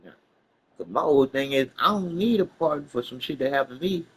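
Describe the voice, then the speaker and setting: A man telling a story casually, animated and profane, laughing along the way. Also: medium pitch, fairly quick, slightly rough, rough recording.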